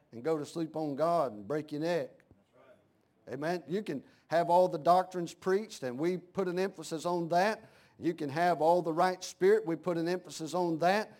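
A man's voice: a little high, darkish tone. A middle-aged man preaching a folksy, rhythmic sermon as a Baptist pastor, calling for amens.

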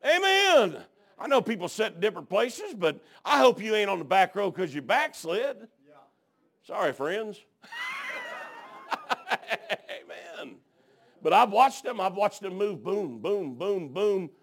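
A man's voice: high-pitched, wildly swooping pitch, slow, pauses often. A middle-aged man, preaching a sermon in a folksy, colloquial, fervent storytelling style.

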